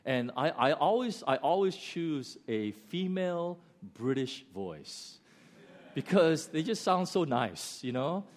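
A man with an American accent preaching a sermon, telling stories with loud bursts and slow, quiet emphasis. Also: a little high, big pitch swings. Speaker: pastor.

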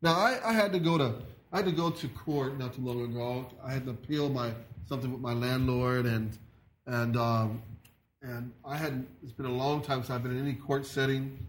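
A man preaching a sermon in an earnest, halting way, often repeating his words. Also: medium pitch, slight background noise. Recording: echoey room.

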